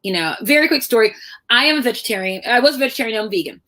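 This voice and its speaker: A middle-aged woman author telling personal stories in a lively conversational talk, acting out the voices of people she quotes. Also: on the high side, very fast. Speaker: author guest.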